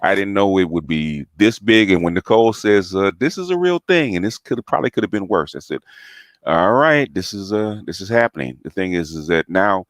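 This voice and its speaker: A man with a very deep voice hosts a casual discussion. He speaks in a measured way and keeps to short replies while others talk. The sound is dry and close. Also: lively intonation, no room sound. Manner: measured, listens with short backchannels. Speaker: host. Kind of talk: casual conversation.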